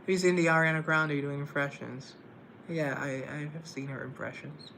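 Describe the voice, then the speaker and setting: A man's voice: on the high side, steady tone, normal speed, vocal fry, pushed and bright, a little hiss or hum. A man chatting casually on a live stream, self-deprecating and playfully sarcastic.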